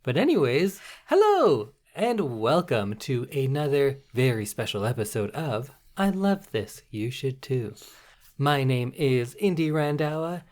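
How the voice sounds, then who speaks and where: A woman hosting a podcast in casual chat, spinning absurd bits in a deadpan way. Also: rumbling low, a little slow. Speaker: podcast host.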